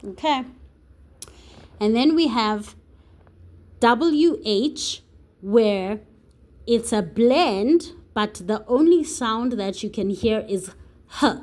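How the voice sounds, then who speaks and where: A woman's voice: on the high side, expressive, extremely slow, long pauses, darkish tone. A woman tutor teaching a phonics and spelling lesson to young children, patiently sounding out letters and words.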